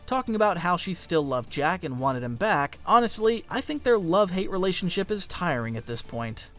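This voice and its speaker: Lively, high-voiced male commentary narrator. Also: normal speed, soft background music. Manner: wry, opinionated narration.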